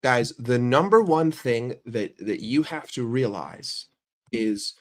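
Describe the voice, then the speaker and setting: A man's voice: mid-range voice, expressive, slow. A young man ranting on a livestream about his football team, swearing a lot and firing questions at his chat. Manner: profane, heated and argumentative. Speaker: football streamer.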